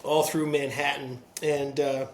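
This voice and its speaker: A man's voice: medium pitch, little pitch movement, unhurried, roomy sound, slight background noise. A man hosting a casual chat, laughing often while he tells stories. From Long Island, New York. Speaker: podcast host.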